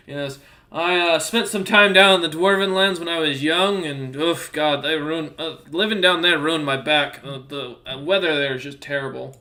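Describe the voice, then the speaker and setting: A man plays a short, aging drow merchant who once served as a soldier, friendly and rambling. The voice sits a little high and sounds bright and forward, with lots of hesitant fillers between phrases. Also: normal speed. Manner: hesitant, many filler words, chatty. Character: older male drow merchant, short, former soldier, affable.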